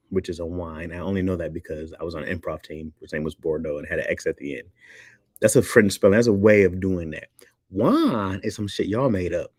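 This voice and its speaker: Guy on a livestream, low voice, dry close sound, goofing around reading chat. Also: no echo. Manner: loose, joking, laughs often, reads comments aloud.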